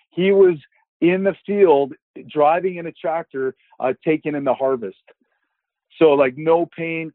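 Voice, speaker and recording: A man shares a Christian healing testimony in a casual, rambling way, acting out the dialogue as he tells the story. His voice is fairly high, with no echo, and the recording has a dry, tinny phone-line sound.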